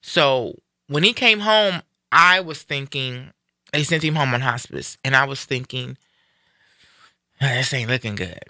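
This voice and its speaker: Bright, forceful man retelling a story. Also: medium pitch, unhurried, dry recording, studio quality. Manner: animated retelling, acting out quoted speech. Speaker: guest sharing a personal story. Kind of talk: casual live-stream conversation.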